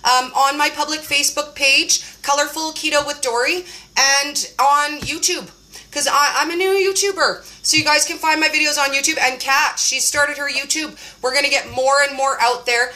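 A woman hosting a casual phone livestream chat, bubbly and effusive and quick to laugh. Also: high-pitched, fairly even intonation, bright, forceful tone. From Canada. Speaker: host. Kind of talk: casual live-stream chat.

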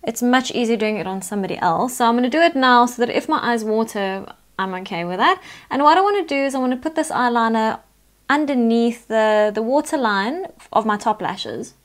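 Female beauty vlogger, bright high voice, chatty and instructive. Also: expressive, fairly quick. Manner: chatty, instructive, talks through each step. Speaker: makeup tutorial host. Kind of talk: step-by-step makeup tutorial narration.

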